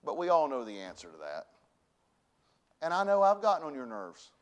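A man preaching a sermon to his church, folksy and conversational, dropping to hushed lines and rising to loud bursts. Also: fairly high pitch, sing-song, moderate pace, highs cut off. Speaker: pastor. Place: church sanctuary.

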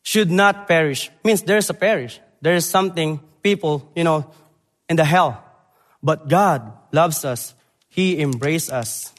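A young adult Filipino man, a Bible college graduate, preaches in halting English during a church sermon and missions presentation, shifting between loud emphasis and quiet, earnest moments. His voice is a little high. The church sanctuary gives a long hall reverb.

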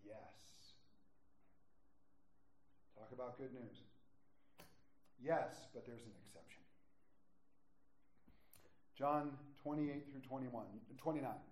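A man preaching a sermon, stressing words slowly and dropping to quiet asides. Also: medium pitch. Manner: emphatic, drawn-out stresses, drops to quiet asides. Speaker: pastor. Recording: echoey room.

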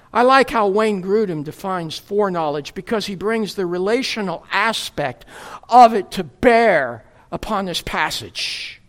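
A preacher from the United States giving a sermon, with wry, humorous asides before earnest scripture teaching. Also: mid-range voice.

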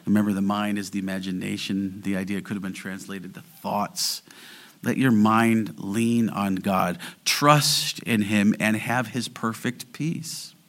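A man preaching a sermon in an earnest way, slowing down and rising in volume to stress key phrases. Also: on the low side, steady tone, fairly bright tone. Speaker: pastor.

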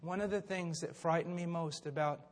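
A man's voice: fairly high pitch, fairly even intonation, normal speed. An older man preaching a sermon with fervent, impassioned storytelling. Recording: long hall reverb.

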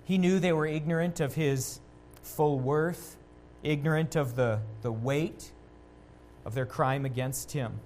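A man preaching a sermon as a pastor, earnest, rising louder on quotations and dropping low and quiet at key points. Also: unhurried, slight background noise.

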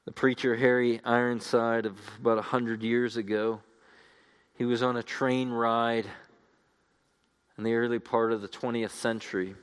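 A man's voice: mid-range voice, flat delivery, moderate pace, smooth. A man preaching a sermon, earnest and building to fervent appeals to his listeners.

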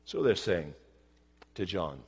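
A male pastor preaching a sermon, emphatic and slowing down on key words. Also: low voice, expressive, slightly rough, in a large hall. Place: church.

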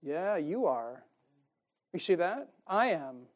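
A man preaching a sermon in a folksy, emphatic way, chuckling at his own jokes and swinging between loud stresses and soft asides. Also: a little high, big pitch swings, slow.

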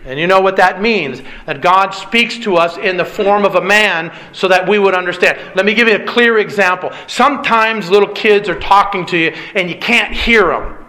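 A man's voice: sits high, normal speed, few pauses, pushed and bright. A man preaching a sermon as pastor, emphatic, firing off rhetorical questions at his congregation. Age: adult with a young child.

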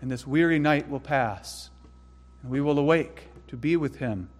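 A man preaching a sermon in an earnest way, dropping to hushed tones and rising to sudden loud emphasis. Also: a little high, moderate pace, big-room sound. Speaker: pastor.

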